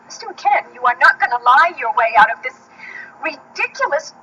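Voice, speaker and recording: A woman's voice: sits high, big pitch swings, a little fast, pushed and bright, a little hiss or hum, exaggerated voice. An actress playing a haughty, indignant amnesiac woman in a daytime soap, speaking in a clipped, accusing way. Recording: dull TV soundtrack with faint music.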